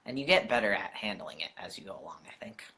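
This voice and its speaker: Bright-voiced man, casual stream chat. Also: on the low side, lively intonation, fast. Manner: chatty, answering viewer comments directly. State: voice wearing out. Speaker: live stream host. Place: home.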